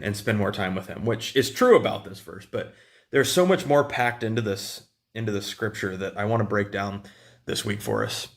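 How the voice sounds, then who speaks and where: A man's voice: fairly low pitch, a bit bright. A man giving a casual, conversational sermon with many fillers and restarts. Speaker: preacher.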